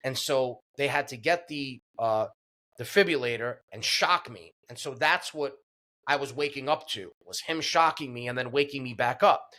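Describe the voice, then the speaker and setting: A man's voice: medium pitch, normal speed, bright, forceful tone. A man guest on a podcast, earnestly retelling a personal story with many fillers and restarts.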